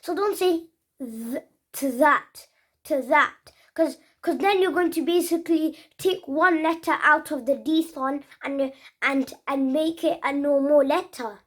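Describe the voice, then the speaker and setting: An English child presenting a casual pronunciation lesson, repeating sounds slowly and earnestly, with frequent restarts. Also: female voice, high voice. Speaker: pronunciation trainer.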